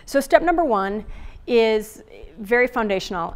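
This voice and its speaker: A woman's voice: fairly high pitch, animated, moderate pace, smooth. Chatty woman giving a relationship talk. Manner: chatty, many fillers and restarts. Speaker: relationship author and speaker. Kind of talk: summit talk, casual and conversational.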